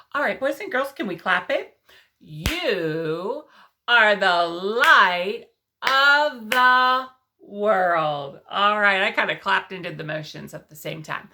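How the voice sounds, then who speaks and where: Bright-voiced woman coaxing little children. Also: fairly high pitch, creaky, slight background noise. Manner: sing-song, coaxing, addresses children directly; drops to a soft hush for emphasis. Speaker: preschool teacher. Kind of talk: Bible story and verse lesson for young children.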